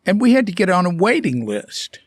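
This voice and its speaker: A man vlogging about his life abroad, telling a casual story in a rambling, halting way full of fillers and restarts. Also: high-pitched, big pitch swings, no room sound, studio quality.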